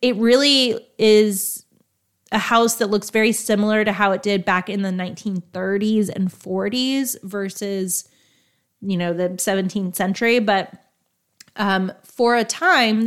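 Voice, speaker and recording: Young adult woman, casual travel host, mid-pitched, conversational and a little rambling. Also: unhurried. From Texas. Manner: chatty, self-correcting, unsure asides.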